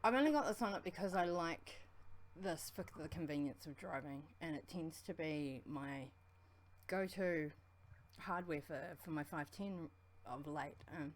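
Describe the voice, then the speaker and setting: A woman with a strong New Zealand accent co-hosting a livestream, talking fast in a rambling, friendly way. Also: low voice. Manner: fast, rambling, affectionate shout-outs. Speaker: co-host of a vaping livestream. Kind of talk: casual livestream chat.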